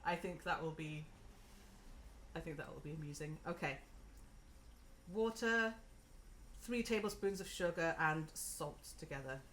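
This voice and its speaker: A woman's voice: sits low, measured pace, long pauses, fairly bright tone, a little hiss or hum. A woman hosting a live cooking stream from her home kitchen, chatting casually and giggling as she talks through each step.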